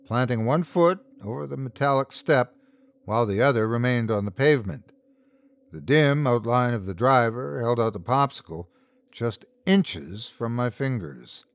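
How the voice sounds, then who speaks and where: A man hosting and narrating a scripted horror story in a measured, dramatic first-person telling. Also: medium pitch, no echo. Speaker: host and narrator.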